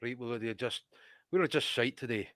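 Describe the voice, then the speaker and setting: A man's voice: mid-range voice, moderate pace, a bit bright, no room sound, clean studio sound, pitched below the performer's own voice, lightly acted. A man putting on a Scottish accent to play a gloomy, cursing male football manager. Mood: glum. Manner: glum, sweary, muttered.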